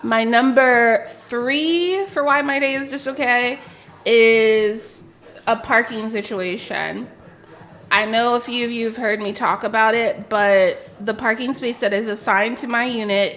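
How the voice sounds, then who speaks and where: A woman's voice: on the high side, unhurried, fairly bright tone. A woman streamer telling a story in a casual, emphatic and indignant rant with frequent swearing.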